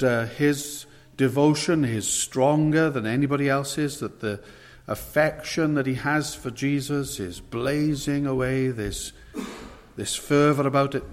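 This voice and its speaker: A man preaching a sermon, earnest and emphatic, his voice rising as he leans into the questions he quotes. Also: mid-range voice. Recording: long hall reverb.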